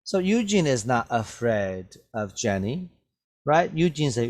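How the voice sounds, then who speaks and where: Slow, patient male English teacher. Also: mid-range voice, sing-song. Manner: slow, patient, checks understanding with "right?" and "okay?". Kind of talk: vocabulary lesson.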